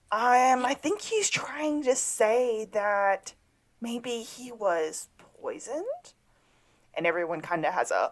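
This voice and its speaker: A woman's voice: mid-range voice, measured pace. A woman co-hosting a casual rewatch podcast, retelling scenes with wry jokes. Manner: lively and wry, drops jokes into the recap. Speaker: podcast co-host.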